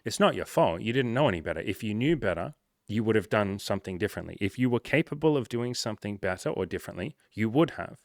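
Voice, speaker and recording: A man's voice: fairly low pitch, lively intonation, fast talker, no echo, clean studio sound. Blunt, profane male life coach. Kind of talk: casual motivational talk.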